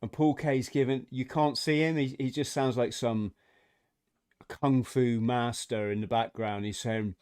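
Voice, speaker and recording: A man's voice: medium pitch, fairly even intonation, measured pace, a little mellow, smooth. A man hosting a casual podcast chat, retelling comedy scenes and laughing often. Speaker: podcast host.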